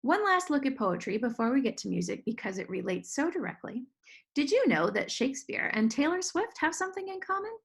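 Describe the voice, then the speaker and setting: A woman with a slightly high voice leads a children's songwriting lesson. She explains patiently and clearly, sounding out the beats of words as she goes. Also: very animated, fairly quick. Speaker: music teacher. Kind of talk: online music lesson for children.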